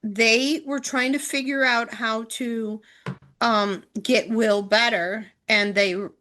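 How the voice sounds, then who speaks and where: A woman's voice: fairly high pitch, steady tone, slow pace, bright, forceful tone, a little hiss or hum. A middle-aged woman co-hosting a casual podcast chat, retelling TV scenes in long run-on chains of "and". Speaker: podcast co-host, mother. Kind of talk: casual chat recapping a TV show.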